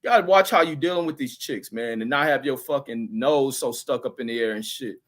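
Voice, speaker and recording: A man's voice: mid-range voice, fairly quick. A middle-aged man hosting a livestream, reading chat comments and telling loose, crude stories in a casual, profane rant.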